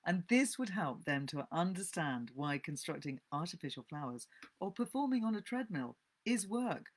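A woman reading a novel aloud for her book channel and adding her own remarks. Her lowish voice moves through lively, animated swings as she tells the story, expressive and engaged. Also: normal speed. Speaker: book vlogger.

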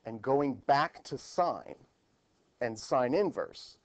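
A man's voice: medium pitch, expressive, takes it slowly, dry recording. A man teaching a math class at the board, explaining step by step and asking his students questions.

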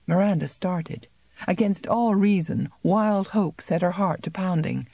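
A woman narrating an unabridged novel as an audiobook in a measured, even storytelling manner. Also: on the low side, creaky, no room sound. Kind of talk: scripted narration.

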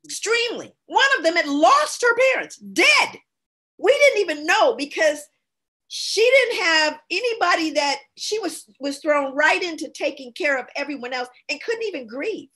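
A woman's voice: very high voice, animated, moderate pace, sharp tone. A woman guest in a casual conversation, earnestly recounting past experiences and voicing the people she describes.

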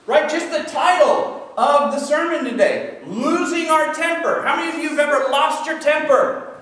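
A man's voice: very high voice, moderate pace, a bit bright. A man preaching a sermon as pastor, conversational and jokey, acting out people's excuses. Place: church sanctuary. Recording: echoey church hall from far off.

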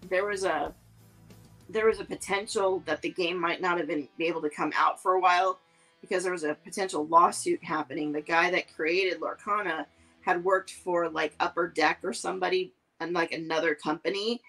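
A woman with a fairly low voice chats casually on a podcast, rambling through her story with plenty of fillers and restarts. Faint music plays behind her. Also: a bit bright, poor audio. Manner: rambling, filler-heavy, lots of "like" and "um". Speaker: podcast co-host. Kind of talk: casual chat.

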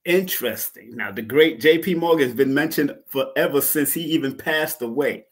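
A man's voice: a little high, normal speed. A man explaining numerology in a casual chat, laughing easily. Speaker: guest numerologist.

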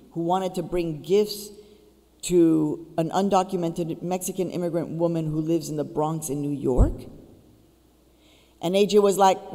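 In a school auditorium with reverberant sound, a woman delivers a keynote speech in a lowish, dark-toned voice. She tells stories and urges her audience directly.

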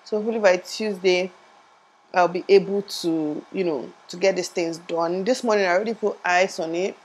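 Chatty young woman with a lowish voice. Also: moderate pace, darkish tone, poor audio. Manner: rambling, chatty, laughs at herself. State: in pain after tooth surgery, speech a bit muffled. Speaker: vlogger. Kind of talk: casual vlog chat. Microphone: lapel mic.

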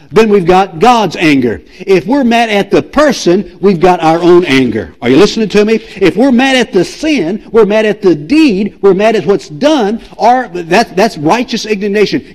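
A man preaching a sermon as pastor, emphatic and repetitive, asking the congregation direct questions. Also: high voice. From United States.

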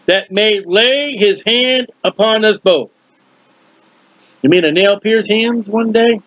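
A man preaching a verse-by-verse Bible teaching, animated and questioning his listeners. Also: high voice, slow, no room sound. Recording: dull lo-fi dry recording.

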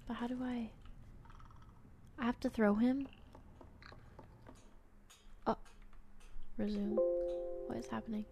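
A young woman streaming a horror game, chatting playfully and cooing to an in-game companion, swinging from quiet muttering to excited squeals. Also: fairly high pitch, slow pace, long pauses, soft background music. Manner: playful, talks baby-talk to a game companion. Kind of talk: casual gameplay commentary.

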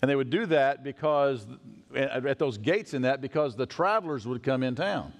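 Lively preaching man in a reverberant church. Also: mid-range voice, normal speed. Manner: animated preaching, acting out voices of people in the story. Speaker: pastor. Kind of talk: sermon. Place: church sanctuary. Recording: long church hall reverb.

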